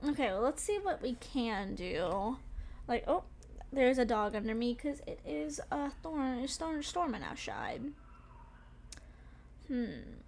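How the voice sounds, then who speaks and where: A slight hiss or hum runs under this young woman's high voice. She's a game streamer, casually rambling to her live chat while still breathless and shaken from a frightening game.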